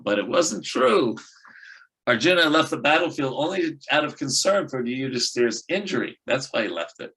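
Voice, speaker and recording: A man leads a scripture class in a bright, ringing voice. He tells the story in a lively, conversational way, with the odd "you know" and "right?" thrown in. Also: mid-range voice, moderate pace, breathy edge, low-quality recording. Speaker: scripture teacher. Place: temple class room.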